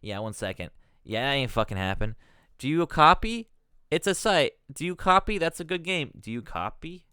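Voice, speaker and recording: Male streamer, rambling profane commentary; smooth, resonant voice pitched a bit high, in a dry room. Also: moderate pace, bright, forceful tone, no room sound. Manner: profane, exasperated ranting; rambling, self-interrupting.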